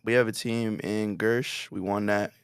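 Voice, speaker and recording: A man's voice: lowish voice, little pitch movement, measured pace, clear, resonant tone, no echo, studio quality. A young man co-hosting a podcast, talking emphatically and hyping things up. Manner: emphatic, hyping, talks over others. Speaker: podcast co-host. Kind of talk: casual podcast banter.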